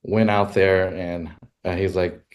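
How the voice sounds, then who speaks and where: A man who is a podcast guest, telling stories casually and animatedly, leaping up in pitch when he quotes himself. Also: little pitch movement, slow pace. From California. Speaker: guest, rodeo filmmaker. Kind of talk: casual storytelling.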